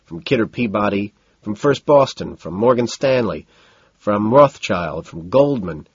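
A man's voice: on the low side, animated, measured pace, slightly rough, no echo, highs cut off. A man giving first-person audiobook narration in a cool, detached manner, listing details.

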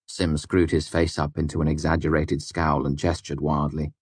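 Deep-voiced man narrating an audiobook. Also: husky, no echo. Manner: steady, measured storytelling.

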